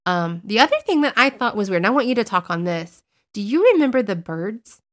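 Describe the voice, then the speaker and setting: A woman co-hosting a casual podcast about paranormal investigation, telling her stories in a chatty, animated way and poking fun at herself. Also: medium pitch, a little fast. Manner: chatty, animated storytelling, self-mocking. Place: based in Northeast Florida.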